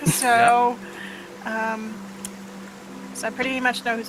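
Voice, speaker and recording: A woman's voice: on the high side, flat delivery, slow, crowd noise, poor audio. A woman playing as a guest in a tabletop game, describing her character in a playful way. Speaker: guest player. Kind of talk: casual tabletop role-play chat.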